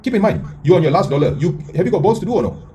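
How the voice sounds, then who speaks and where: A man teaching a live trading lesson in a blunt, profane way, firing rhetorical questions at his viewers and swinging between loud bursts and mutters. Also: high voice, sing-song, very fast, slight background noise. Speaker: trading mentor.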